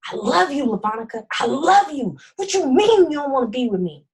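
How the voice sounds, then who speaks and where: A woman's voice: high-pitched, pitched above the performer's own voice, close to an everyday voice. Woman doing a frantic pleading man. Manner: rapid repeated pleading.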